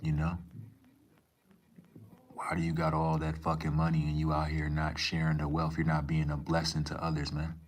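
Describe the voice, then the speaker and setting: A man's voice: a bass voice, completely flat delivery, normal speed. A young man live streaming, talking casually and reading chat aloud, laid-back and profane with lots of slang.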